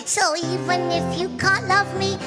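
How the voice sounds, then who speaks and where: Squeaky little cartoon ant. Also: female voice, steady tone, a little slow. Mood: pleading singsong. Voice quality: cartoonish duck-like put-on voice. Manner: singsong, gently pleading. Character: tiny timid pleading ant, small and squeaky. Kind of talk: children's action song performance. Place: large event hall. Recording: live hall with loud backing music.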